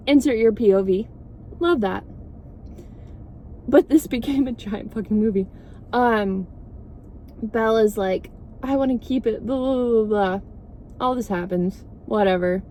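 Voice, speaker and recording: A woman's voice: medium pitch, a little mellow, a little hiss or hum. A woman vlogger rambling through a sarcastic, swear-filled casual movie recap.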